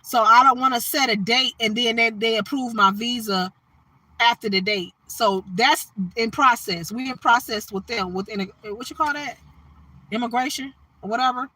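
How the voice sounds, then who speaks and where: A woman speaks in a casual, chatty livestream. Her voice sits a little high and comes across bright and forceful. The sound is dry and close, with no room around it. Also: moderate pace, no echo, rough recording. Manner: animated, chatty, shouts and laughs with viewers. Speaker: livestream host.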